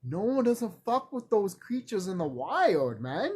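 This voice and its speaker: A man vlogging in a rambling, profane casual monologue, animated and laughing often. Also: high voice, unhurried, slightly rough.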